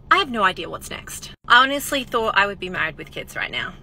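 A woman's voice: mid-range voice, moderate pace, sharp tone, slight background noise, rough recording. A woman in her twenties talking candidly to camera in a casual vlog, upbeat and confiding. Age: 20s.

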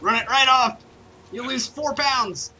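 A woman's voice: high-pitched, unhurried, bright, forceful tone, slightly rough. A young woman playing support in a team video game, teasing her teammates and swearing freely. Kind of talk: casual gameplay chatter.

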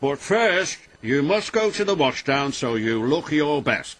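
A man's voice: a little high, sing-song, unhurried, fairly bright tone, full character voice. A man voicing a stern, portly male railway boss giving firm instructions in a storybook reading. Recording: music playing behind.

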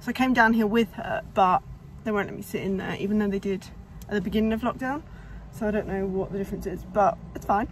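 Talking fast in a mid-range voice, this young woman chats to her camera in a meandering vlog, sounding slightly winded. There's a faint hiss or hum, and the setting shifts from her home to a parked car.

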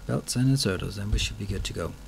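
A man narrates his own game session at his desk, muttering and cursing at things that break. His voice sits low with a rough, fried edge. Faint hiss and typing sounds run under it. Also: fast. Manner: frustrated muttering to himself, swearing at mishaps. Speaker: gameplay commentator. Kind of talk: let's play commentary. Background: keyboard and mouse clicks.

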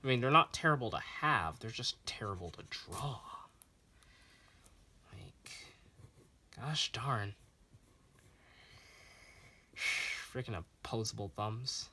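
A man's voice: mid-range voice, lively intonation, takes it slowly, long pauses, bright, forceful tone, a little hiss or hum. A man vlogging as he draws, recorded on a phone, chatting in a rambling, self-deprecating way with a voice that sounds sarcastic. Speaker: artist vlogger drawing on camera. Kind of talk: casual rambling chat while drawing.

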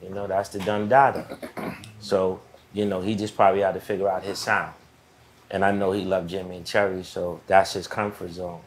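A man's voice: low voice, little pitch movement, moderate pace, a little hiss or hum. A man in his fifties, a podcast guest from the Boston area, telling stories in a laid-back, reflective way with trailing phrases. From United States (Boston area). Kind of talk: casual storytelling.

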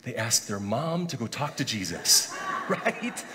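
A man preaching a conversational sermon as pastor, lively and chatty, acting out quoted voices with humor. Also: fairly low pitch, moderate pace, in a large hall, noisy background. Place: church sanctuary.

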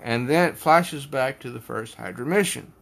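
A man's voice: mid-range voice, moderate pace, vocal fry, a bit bright. A man casually reviewing a comic book, stumbling over names and poking fun at himself. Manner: hesitant with names, self-deprecating.

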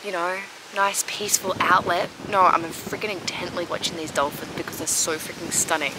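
A woman's voice: lowish voice, steady tone, normal speed, background noise. An Australian woman vlogging outdoors by a harbour, gushing and rambling with lots of "like" fillers. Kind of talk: casual outdoor vlog.

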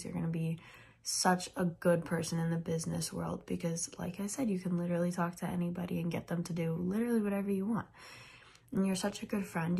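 A young woman whispers her message in a low, breathy voice with a gravelly rasp. She sounds emotional and curses off-hand as she praises her friend. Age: young adult. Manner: hushed, emotional, swears casually. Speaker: sorority sister giving a tribute. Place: dorm room at night, keeping quiet.

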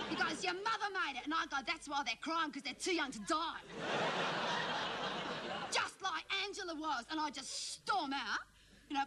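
Woman doing a high-voiced aussie teen girl, bratty and whiny, loud noisy tv capture. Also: close to an everyday voice. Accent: Australian. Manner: whiny, complaining, peppered with "you know". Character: bratty, melodramatic teenage schoolgirl. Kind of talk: sketch comedy monologue.

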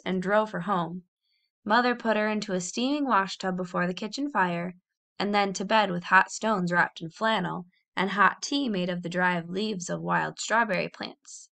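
A woman reading a children's novel aloud in a clear, expressive storytelling voice. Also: medium pitch. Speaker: audiobook reader.

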